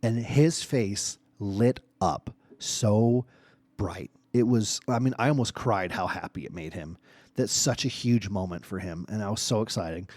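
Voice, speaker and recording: A man hosting his own solo podcast, telling family gaming stories in a casual, animated way that swings from hushed to excited. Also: fairly low pitch, measured pace, no room sound. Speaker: podcast host.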